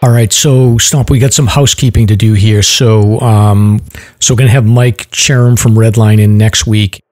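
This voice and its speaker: A man hosting a casual podcast, reading news stories aloud in a loose, relaxed way. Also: fairly low pitch, moderate pace. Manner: relaxed, loose delivery with fillers. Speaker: podcast host.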